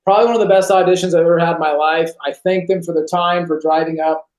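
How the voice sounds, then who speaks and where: A man, a podcast guest on a video call, telling a personal story in an animated way and acting out the voices of others. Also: fairly high pitch, fast talker. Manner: animated, acts out quoted voices. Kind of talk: storytelling testimony. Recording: roomy echo on a video call.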